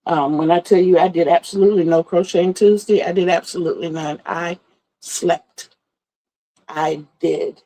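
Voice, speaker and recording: A woman's voice: lowish voice, dark tone, rough recording. A middle-aged woman hosting a livestream, chatting in a rambling, storytelling way and greeting viewers. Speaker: livestream host. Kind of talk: casual livestream chat.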